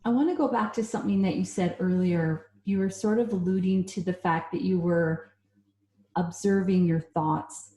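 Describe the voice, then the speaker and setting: A woman in her thirties hosts a podcast interview and asks her questions in a thoughtful, measured way. Her voice sits low and mellow. It carries a roomy echo. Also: fairly even intonation. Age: 30s. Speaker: podcast host. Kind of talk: casual interview chat.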